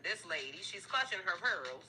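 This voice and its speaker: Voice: medium pitch, big pitch swings, moderate pace, pushed and bright, slight background noise, rough recording. A tarot reader giving a casual, blunt reading to viewers, swearing freely, laughing, and getting heated as the cards turn up. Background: background music.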